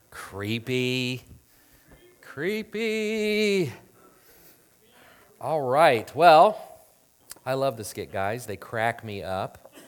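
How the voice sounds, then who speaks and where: A male pastor giving a sermon in an earnest, chatty manner. He talks at a mid pitch and often turns to the audience with asides.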